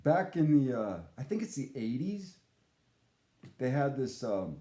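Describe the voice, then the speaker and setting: A man's voice: medium pitch, big pitch swings, measured pace, warm tone. A man telling a long, rambling story casually, swearing and cutting himself off mid-sentence. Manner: rambling, swears, self-interrupting. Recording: roomy echo.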